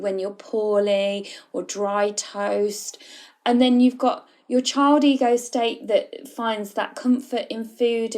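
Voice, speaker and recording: A woman's voice: mid-range voice, darkish tone. A woman hosting a solo podcast, explaining in a conversational way and addressing the listener directly. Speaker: podcast host, food coach.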